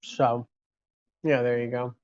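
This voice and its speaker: A talkative man from the United States runs a casual live stream. His middle-pitched voice rambles along easily and answers viewers' comments as he goes. The audio is dull and lo-fi. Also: little pitch movement, takes it slowly, darkish tone.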